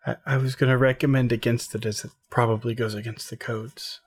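A man playing a tabletop game in a deadpan, matter-of-fact way. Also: medium pitch, brisk, slightly rough. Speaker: player.

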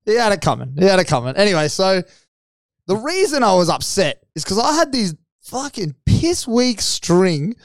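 A man co-hosting a podcast, telling a rowdy story full of swearing and acted-out quotes. His voice sits fairly high for a man. The sound is dry and close, with no room echo. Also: sing-song, normal speed. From Australia. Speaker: podcast co-host. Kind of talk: casual chat.

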